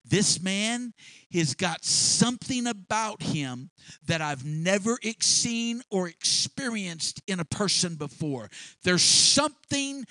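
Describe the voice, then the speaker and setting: A man's voice: sits high, big pitch swings, takes it slowly, sharp tone, no room sound, heavily acted. A preacher acting out an impulsive fisherman. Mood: pleading. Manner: exclaiming, stammering confessions. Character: rough impulsive male fisherman, humble. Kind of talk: dramatized sermon retelling.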